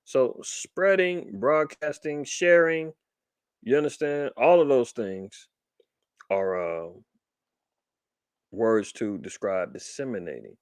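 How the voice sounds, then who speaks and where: A man's voice: mid-range voice, slow, pauses often, clean tone, no room sound. A man hosting a commentary show, reading articles aloud and riffing on them with rhetorical questions. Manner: animated, rhetorical questions, reads then riffs. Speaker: podcast host reading and commenting on news.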